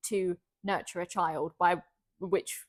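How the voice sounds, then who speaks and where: A woman's voice: fairly low pitch, fairly even intonation, takes it slowly. A middle-aged woman co-hosting a podcast in casual chat, rambling and playful, often breaking into giggles. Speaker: podcast co-host.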